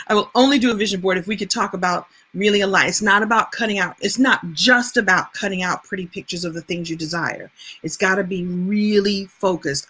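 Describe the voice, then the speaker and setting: A woman host telling a personal story in a chatty, animated way. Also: medium pitch. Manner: animated, chatty, laughs as she tells. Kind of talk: casual storytelling monologue.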